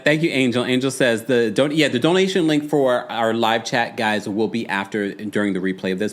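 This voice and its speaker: Sassy man recapping reality TV. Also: lowish voice. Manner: animated, sassy gossip with mimicry. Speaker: host. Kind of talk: casual reality-TV recap livestream.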